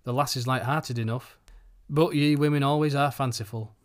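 A man voicing an easygoing, drowsy old farmer with a Yorkshire accent and gruff dialect speech. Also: mid-range voice, steady tone, normal speed, lightly acted.

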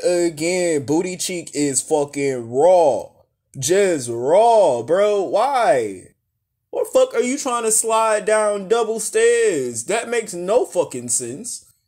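Husky man ranting, exasperated and profane. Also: fairly high pitch, lively intonation, slow pace. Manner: loud, exasperated, heavy cursing. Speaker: reaction commentator. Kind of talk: profane comedic rant.

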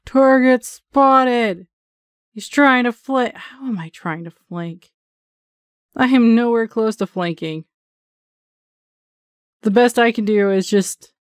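Woman streaming a horror game, chatty and goofy, normal pitch, dry close sound. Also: a little mellow, clean tone, no room sound. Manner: chatty, self-mocking, jumpy exclamations. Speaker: gaming channel host. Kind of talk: live gameplay commentary.

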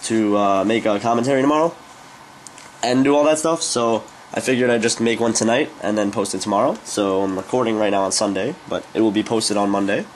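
A man's voice: fairly low pitch, steady tone, fairly quick, a little hiss or hum. A young man giving casual, rambling gameplay commentary, speaking offhand with frequent fillers. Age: young adult. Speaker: gaming commentator.

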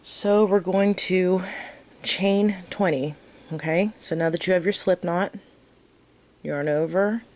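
A woman teaching a crochet tutorial in a casual, chatty way, counting her stitches softly as she works. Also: fairly low pitch, slow, long pauses, rough recording. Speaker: crochet instructor.

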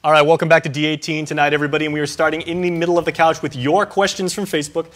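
Host, male, Guam accent, quick upbeat moderator. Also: on the high side, flat delivery, fairly bright tone. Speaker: TV talk show host. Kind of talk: hosting a political talk show.

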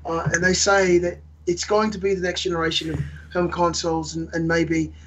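A man's voice: on the high side, level tone, fairly quick, slight background noise, poor audio. A man chatting on a podcast, jokingly hamming it up in a mock British accent. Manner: jokey, hammy, puts on a mock British accent. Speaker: podcast guest host. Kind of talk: casual podcast chat.

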